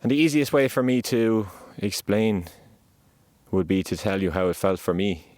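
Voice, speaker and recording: A man giving a heartfelt, motivational monologue outdoors on a mountainside. He speaks in an earnest, gentle and reassuring way. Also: on the low side, animated, normal speed, dry recording. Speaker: podcast host.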